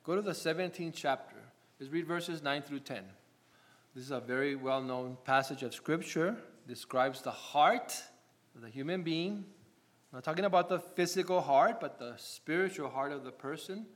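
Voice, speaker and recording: Slightly high-voiced male pastor preaching. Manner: asks rhetorical questions, adds "right?"; slows down to read scripture aloud. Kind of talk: sermon.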